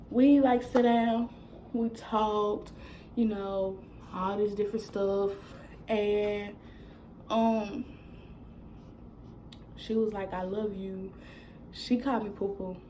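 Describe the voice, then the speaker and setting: A woman's voice: mid-range voice, a little hiss or hum, rough recording. Young woman telling a casual storytime. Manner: casual, animated retelling with quoted dialogue. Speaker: vlogger. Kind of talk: storytime vlog.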